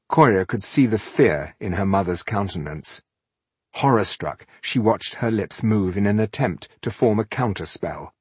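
A man narrating a fantasy audiobook in a measured, even storytelling manner. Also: low-pitched, breathy edge, no room sound.

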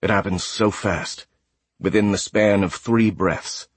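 A man narrating a sci-fi audiobook in a steady, measured way. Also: lowish voice, breathy edge, dry recording. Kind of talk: scripted narration.

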